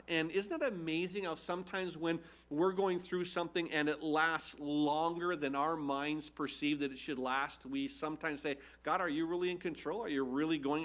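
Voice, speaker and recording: A man's voice: fairly high pitch, a bit bright. A man preaching a sermon as a pastor, teaching earnestly and emphatically through scripture with rhetorical questions. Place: church.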